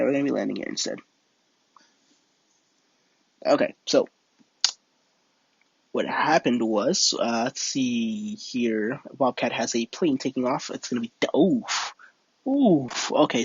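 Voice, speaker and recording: A man's voice: medium pitch, husky, no echo, highs cut off. A young man streaming a flight game, telling a rambling made-up story and chatting with viewers, full of fillers and restarts. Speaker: livestream gamer. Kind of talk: casual live-stream chat and storytelling.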